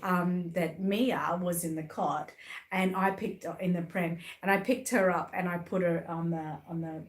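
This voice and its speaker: A woman's voice: on the low side, fairly even intonation, measured pace. A middle-aged Australian woman hosting a casual live chat, chatty and teasing, laughing often. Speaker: host.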